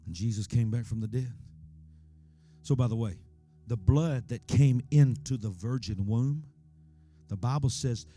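A male preacher delivering a sermon, swinging between loud, high exclamations and hushed, low passages, and often putting rhetorical questions to the congregation. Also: unhurried, faint music behind.

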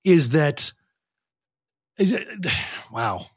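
A man's voice: on the high side, sing-song, drawn-out words, husky, dry recording, clean studio sound. A man guest on a podcast interview, talking animatedly and acting out parents and teens in quoted voices. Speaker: guest, youth program director.

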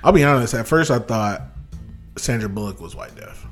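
A man chatting casually about movies in an animated, profane way, acting out scenes as he retells them. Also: mid-range voice, moderate pace, soft background music.

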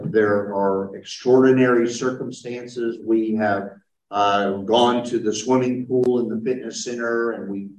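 Slow-talking pastor teaching a room. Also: male voice, on the low side. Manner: unhurried, explanatory, takes questions from a group. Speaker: pastor leading a Bible study. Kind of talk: conversational Bible teaching. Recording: roomy, mic far from speaker.

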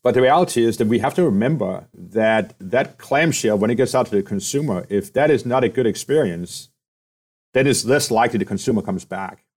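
A man's voice: medium pitch, animated, a little fast, darkish tone, husky. A man being interviewed as a company president, explaining at length and often ending his points with "right?" or "okay?". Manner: explanatory, often ends points with tag questions. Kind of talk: conversational interview.

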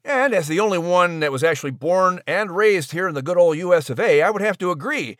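A man's voice: high voice, animated, fairly quick, a bit bright, no room sound, clean studio sound. A man voicing a prim, fussy male mouse in comedic podcast banter, with a genteel, hesitant manner.

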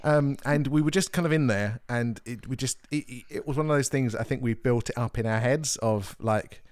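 A man co-hosting a podcast, telling a long story in loose casual chat with plenty of false starts. His voice sits at an ordinary middle pitch. The sound is dry and close, with no room around it. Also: moderate pace, no echo. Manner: rambling storyteller with many restarts and laughs. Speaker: podcast co-host.

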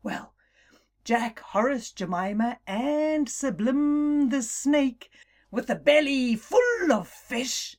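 A woman narrates a children's adventure story she is making up as she goes. Her voice sits a little high and leaps about expressively. She takes her time, drawing the words out slowly and playfully. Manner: playful, laughing, very slow and expressive.

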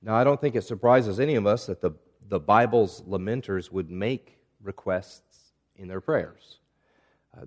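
A man preaching a sermon in a measured, reflective way, asking rhetorical questions of his listeners. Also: lowish voice, a little mellow. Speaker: pastor.

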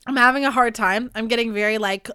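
Bright, crisp-voiced woman podcast host. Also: fairly high pitch, quick pace, dry recording, studio quality. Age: late 20s. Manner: candid, rambling, swears freely. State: throat irritated by allergies. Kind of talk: casual solo podcast chat.

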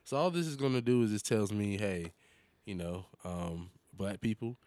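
A man's voice: on the low side, normal speed, darkish tone, no room sound. A man co-hosting a podcast in casual chat, laid-back with short remarks. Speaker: podcast co-host.

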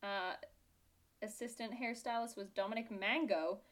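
Medium in pitch and fairly even in intonation, this young woman from Britain talks at normal speed with a slightly bright quality. She's a podcast co-host whose British accent slides toward Australian, keeping things casual, sarcastic and full of giggles.

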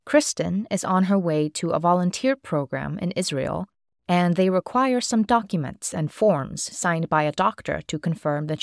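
Low-voiced woman podcast host. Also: dry recording, studio quality. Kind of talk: scripted podcast introduction. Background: faint music.

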